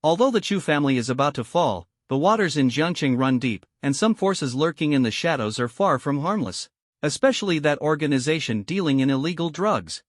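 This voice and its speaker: A man's voice: a little high, lively intonation, brisk, no room sound, studio quality, close to an everyday voice. A man voicing a grave old male elder who warns a young fighter, serious and cautionary. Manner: grave, warning.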